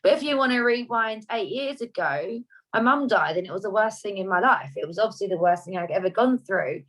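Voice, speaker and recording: A woman talks openly and warmly about her life over a video call, her voice sitting at an ordinary middle pitch. She rambles a little and corrects herself as she goes. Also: expressive, a little fast, low-quality recording. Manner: heartfelt, rambling, self-correcting. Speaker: guest sharing a personal story. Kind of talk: emotional personal sharing on a video call.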